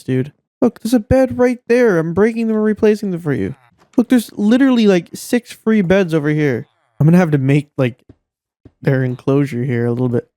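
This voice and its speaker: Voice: medium pitch, dark tone, dry recording. A gameplay commentator talking casually, exasperated and swearing often, scolding game characters, with the voice leaping up when frustrated.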